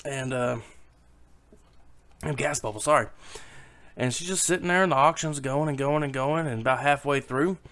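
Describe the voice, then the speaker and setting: A man's voice: mid-range voice, moderate pace, long pauses, fairly bright tone. A man casually telling a rambling, swearing joke to camera at home, with his daughter on his lap. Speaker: YouTube joke teller.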